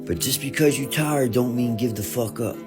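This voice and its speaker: A man, a father of two, slowly and wearily venting to the camera about exhaustion, swearing heavily as he goes. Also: medium pitch. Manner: slow, weary, heavy with swearing. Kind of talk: emotional vent to camera. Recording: clear music playing behind.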